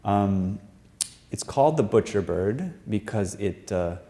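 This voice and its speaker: A man's voice: lowish voice, lively intonation, slow pace, dark tone. A man presenting his research to a live audience, explaining patiently with frequent fillers and restarts. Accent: American. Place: performing arts center stage.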